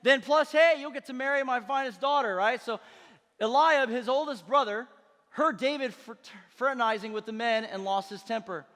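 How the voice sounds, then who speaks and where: In a church auditorium, a male pastor with a notably high voice gives a lively, casual sermon at a moderate pace, and long reverb trails his words. He's energetic and chatty, tossing playful asides to the congregation.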